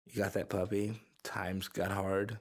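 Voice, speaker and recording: A man's voice: low voice, flat delivery, a little slow. A man, a musician guest, chatting casually on a podcast, rambling and laughing, with plenty of "uh" and restarts. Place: recording studio.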